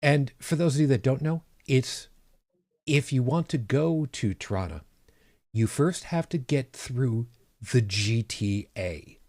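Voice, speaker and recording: A man co-hosts a casual podcast, breaking off to explain things to listeners. His pitch swings widely as he talks, and the recording is dry and close. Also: measured pace, no room sound. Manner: animated, explains asides to listeners. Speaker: podcast co-host. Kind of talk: casual chat.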